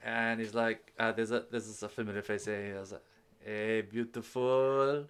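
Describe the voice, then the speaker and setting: A man's voice: on the low side, flat delivery, quick pace, a bit bright, clean tone. A man narrating a tabletop game as game master, in a rambling, descriptive way with many fillers.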